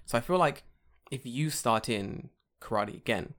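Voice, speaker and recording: A podcast co-host chats casually, easily worked up and swearing freely. His pitch leaps and swoops all over the place, and he often breaks into loud outbursts. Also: moderate pace. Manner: excitable and profane, with loud outbursts. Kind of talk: casual chat.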